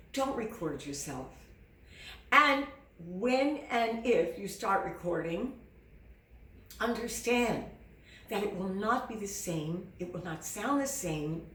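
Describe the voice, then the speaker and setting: A woman's voice: mid-range voice, fairly bright tone, recorded from a distance. Encouraging woman singing teacher, echoey room. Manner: earnest, encouraging, acts out students' inner doubts. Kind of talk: direct-to-camera teaching.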